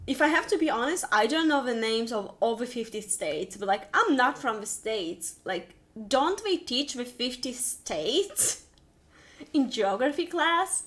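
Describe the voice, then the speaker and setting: Brief: European woman, reaction host, bright-pitched, chatty and amused. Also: expressive, a little slow. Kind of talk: casual reaction commentary.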